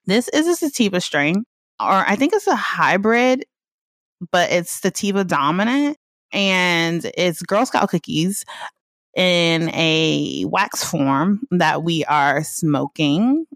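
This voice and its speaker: Hosting a laid-back solo podcast from her apartment, a woman laughs often and drawls some of her words. Her voice sits fairly low, with lively intonation, a slow pace, and a fairly bright tone, recorded on a home podcast mic with no room sound.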